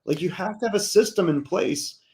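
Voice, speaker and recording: A man hosting a hockey talk show in a relaxed, chatty way, reading out viewer comments and giving his views. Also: high voice, fairly quick. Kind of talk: casual sports talk.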